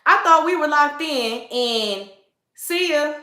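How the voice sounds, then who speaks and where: Woman, 30s, Southern American accent. Bright, casual livestream host, echoey room. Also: high-pitched, slow pace. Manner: chatty, animated, greets viewers, laughs often. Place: indoor room, seated.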